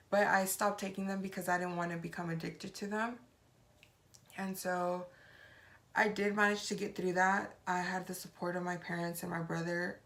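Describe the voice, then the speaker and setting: Young woman with a low, gravelly voice. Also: fairly bright tone. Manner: retells events with reported dialogue, many "like" fillers. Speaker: vlogger. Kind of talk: casual personal storytelling.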